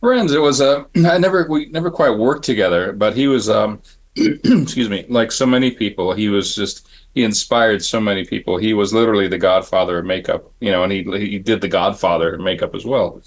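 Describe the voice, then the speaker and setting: A middle-aged man from Phoenix, Arizona, a makeup effects artist telling stories on a panel, acting out the people in them and often clearing his throat. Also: on the low side, a little fast. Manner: animated, acts out the people in his anecdotes; frequent throat clearing and restarts. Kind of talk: storytelling on a panel.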